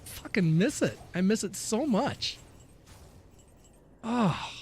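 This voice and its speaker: A man with a fairly high voice chats casually while he plays a game on stream. He rants and swears freely, answers viewers' questions between tangents, and laughs at his own outbursts. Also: sing-song, slow pace, a little hiss or hum. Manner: ranting, swears often, laughs at himself; reads and answers chat while playing. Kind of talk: casual live-stream chat.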